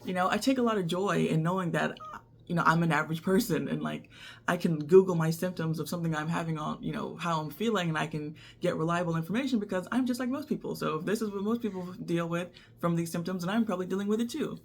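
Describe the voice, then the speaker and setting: Lively young woman telling a story. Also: lowish voice, fast talker, slight background noise. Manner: animated, laughs often. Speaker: vlogger. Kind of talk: casual storytelling.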